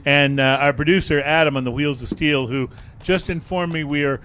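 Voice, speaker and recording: A male podcast host with a slightly raised pitch, relaxed as he wraps segments and thanks the crew. Faint ambience sits behind him. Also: moderate pace, slight background noise. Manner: relaxed, easygoing host with fillers. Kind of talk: hosting a casual talk show.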